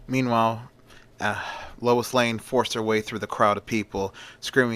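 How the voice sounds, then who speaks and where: A man's voice: mid-range voice, steady tone, brisk, fairly bright tone. A man narrating a homemade story in a casual, rambling way, full of fillers and restarts.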